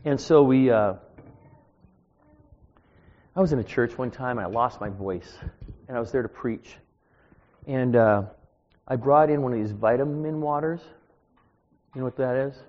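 A man's voice: medium pitch, normal speed, long pauses. A man in his sixties preaching an informal, self-deprecating sermon from a church pulpit, with chatty asides to the congregation. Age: 60s. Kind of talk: conversational sermon with personal stories. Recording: dull, echoey church recording.

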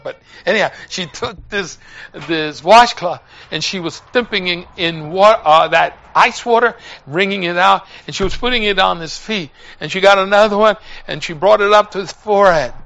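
A man's voice: high-pitched, gravelly, sharp tone. A man preaching a sermon, telling a story with emotion and hammering points home through repetition.

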